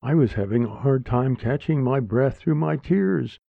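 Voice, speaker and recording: A man narrating a story aloud in a slow, plain manner. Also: mid-range voice, vocal fry, no echo. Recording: dry, tinny phone-like sound.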